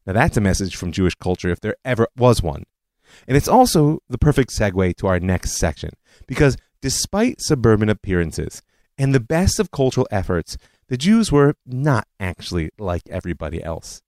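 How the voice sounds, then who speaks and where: A man's voice: on the low side, very animated, moderate pace, darkish tone, dry recording. A man hosting a history podcast, telling it as a story with conversational asides. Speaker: podcast host. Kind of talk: scripted history narration.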